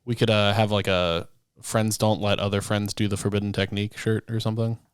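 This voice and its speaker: A man's voice: lowish voice, level tone, brisk, clean tone, dry recording, studio quality. A young man co-hosting a podcast, telling stories in casual chat and laughing often. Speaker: podcast co-host.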